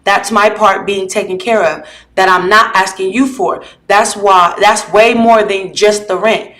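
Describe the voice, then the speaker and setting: A woman's voice: medium pitch, steady tone, unhurried, fairly bright tone. A woman vlogger talking casually to her viewers, reading messages aloud and retelling an argument in a blunt, heated way with frequent swearing. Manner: reads messages aloud and asks viewers for judgment. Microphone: camera or phone mic while live.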